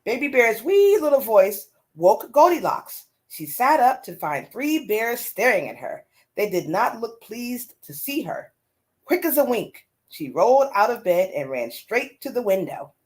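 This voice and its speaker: Woman reading a storybook, animated. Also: fairly high pitch, a little slow. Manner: expressive and animated. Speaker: storyteller host. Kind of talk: reading a children's story aloud.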